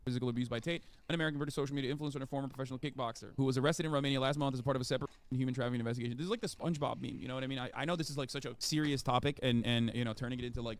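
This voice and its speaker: A man reading news articles aloud and reacting, incredulous and excitable, in slangy casual speech. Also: medium pitch. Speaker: streamer commentator.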